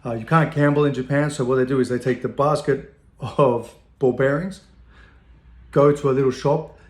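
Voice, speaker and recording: A man in the middle of his pitch range tells a long personal anecdote in an easy, wandering way, swearing now and then and chuckling at his own story. His voice rings off the walls of an echoey room. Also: fairly even intonation, moderate pace. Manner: rambling, loose and profane, laughing at his own tale.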